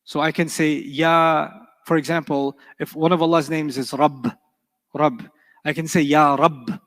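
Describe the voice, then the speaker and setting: A man teaching a grammar class in a lively, animated way, with a voice pitched a little high. He keeps checking in with his students. The hall behind him leaves a long echo. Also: unhurried. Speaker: Arabic teacher.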